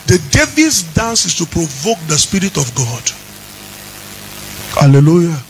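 A man preaching a sermon as pastor, chanting his lines and rising into shouts. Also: sits high, huge pitch swings, moderate pace, a little hiss or hum, rough recording.

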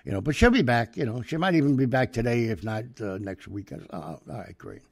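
An older man casually telling an anecdote in a rambling way, acting out the dialogue with lively voices. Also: medium pitch, brisk, creaky, no room sound. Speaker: storyteller.

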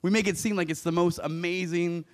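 Profane, high-voiced male stand-up comic. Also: fairly even intonation, fairly quick. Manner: loose, profane, laughing at his own bits. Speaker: stand-up comedian. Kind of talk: stand-up set. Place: comedy club stage. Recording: live club with audience.

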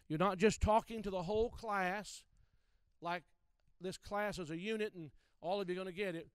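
A man's voice: high-pitched, clear, resonant tone, no echo. A man preaching a teaching sermon to church workers, emphatic and direct, repeating key phrases to drive them home.

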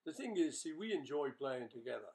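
An older man chats loosely and jokingly, filling his answers with "you know" and "uh". His speaking voice sits a little high for a man. He sounds relaxed and easygoing, like a musician talking with his band. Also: fairly quick, creaky. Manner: chatty, jokey, rambling with fillers. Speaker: rock musician answering fan questions. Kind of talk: casual webchat with bandmates.

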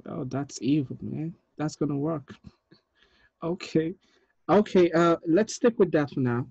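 Male director giving notes on a video call, animated and joking, slow speech, dry dull lo-fi sound. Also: on the high side, vocal fry, slightly rough, no room sound. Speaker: film director. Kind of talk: giving notes at a table read.

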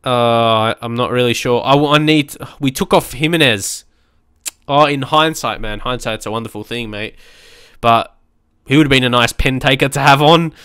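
Excitable male gamer, smooth voice, dry close-mic sound, lively let's play commentary. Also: medium pitch, normal speed, no room sound. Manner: excitable, shouting at the screen and swearing. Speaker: gaming YouTuber.

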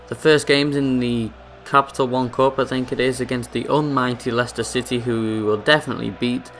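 A man's voice: medium pitch, steady tone, moderate pace, fairly bright tone, faint music behind. A young man giving jokey, boastful commentary over his own gameplay. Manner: boastful, joking self-narration. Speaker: gaming YouTuber.

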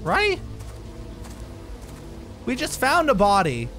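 A young gaming YouTuber provides horror let's play commentary in a high, somewhat bright voice that's very animated yet unhurried, with faint music in the background. He keeps jumping, exclaiming, and bursting into nervous laughs.

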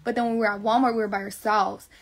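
A woman's voice: mid-range voice, flat delivery, rapid-fire. A young woman telling a long personal story on a live stream in a rambling, profane, emotional way. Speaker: livestreamer.

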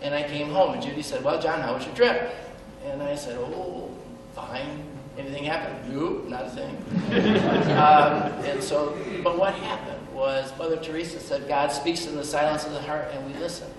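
A man's voice: a little high, normal speed, hardly any pauses. A middle-aged man telling a personal story at a benefit event, earnest and self-deprecating, with hesitant ums. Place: large event hall. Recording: echoey hall, mic far off, faint background noise.

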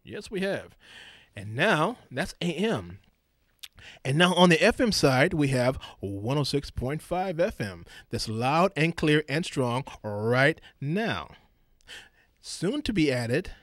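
A middle-aged man hosting a radio talk show in a studio, exuberant and playful, breaking into booming shouts. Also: no echo. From Southern California.

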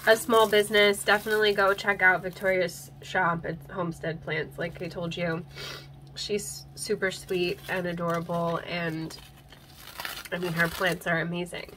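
Filmed on a handheld camera with background noise, a young woman who vlogs about plants unboxes items casually, gushing emotionally and breaking into laughter and tears as her voice catches. Her voice sits on the low side.

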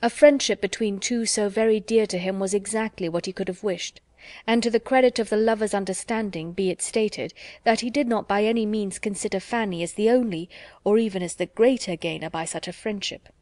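A woman reading a classic novel as an audiobook narrator, in measured, even storytelling. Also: medium pitch, no room sound. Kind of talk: scripted narration.

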